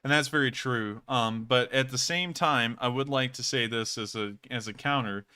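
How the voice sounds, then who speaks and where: A man's voice: medium pitch, moderate pace, bright, forceful tone, clean tone. A man hosting a live news stream, talking earnestly in long, rambling explanations. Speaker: livestream news host.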